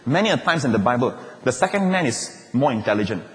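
A pastor, preaching a lively sermon with jokes and playful asides. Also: male voice, medium pitch, quick pace. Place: large church auditorium. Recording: long reverb of a large hall.

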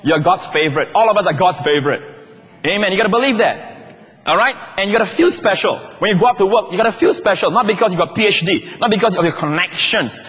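A man's voice: high voice, in a large hall. A man preaching a sermon to a congregation, calling for amens and asking if they are listening. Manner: lively preaching, calls for amens, asides to the congregation. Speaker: pastor.

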